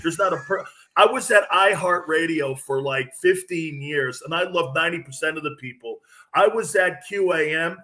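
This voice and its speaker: A man's voice: on the high side, normal speed. A man talking sports as a radio host guest, telling stories animatedly and acting out what others said. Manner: animated, acts out quotes from others. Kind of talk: casual sports talk storytelling.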